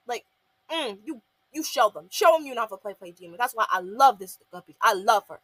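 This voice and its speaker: A woman's voice: a little high, lively intonation, brisk, a bit bright, breathy edge, no room sound. A young woman casually reviewing a cartoon episode, rambling with lots of fillers and acting out the characters' lines. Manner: rambling, many fillers, acts out quotes. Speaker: show reviewer.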